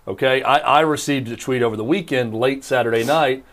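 A man's voice: medium pitch, fairly quick, a bit bright. A man in his thirties hosting a talk show, telling rambling, self-deprecating stories with emphatic insistence. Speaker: radio talk show host. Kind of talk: casual talk show banter.

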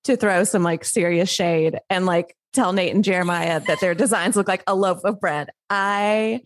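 A woman's voice: on the low side, normal speed, no echo, studio quality. A woman interviewing a guest, chatty and enthusiastic. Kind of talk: casual interview chat.

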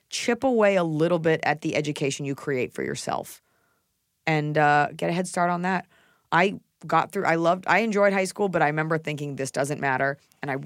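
A woman's voice: sits low, vocal fry, no room sound, studio quality. A woman co-hosting a podcast, giving blunt, casual advice and teasing her co-host, swearing now and then.

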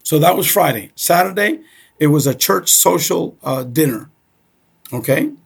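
Middle-aged Cuban-born man, gravelly and husky, chatty storyteller who keeps asking "okay?". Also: a little high, a little slow. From Cuba. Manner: repeats "okay?" often, animated storyteller. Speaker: guest. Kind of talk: casual storytelling.

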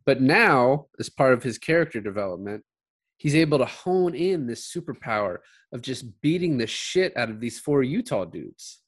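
This podcast co-host speaks at a moderate pace in a mid-range voice, casually walking through a film's scenes alongside his partner. He swears freely and retells the scenes with real excitement.

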